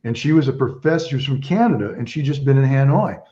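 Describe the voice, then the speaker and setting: This Vietnam veteran and author, a guest in his seventies, tells rambling stories in a casual chat and restarts often. He talks fast and animatedly in a medium-pitched, dark-toned voice, with the recording's highs cut off.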